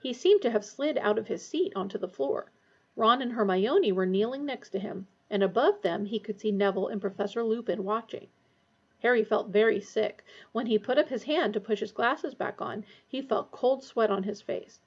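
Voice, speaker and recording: A woman reading a novel aloud, giving the characters lively voices. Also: moderate pace, slightly rough. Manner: lively character voices, raised pitch for dialogue. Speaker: audiobook reader. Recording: dull lo-fi recording.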